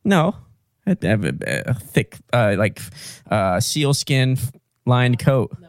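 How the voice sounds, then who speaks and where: A man's voice: medium pitch, very animated, takes it slowly, no room sound, studio quality. A man co-hosting a podcast, laid-back and wry in casual banter. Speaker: podcast co-host.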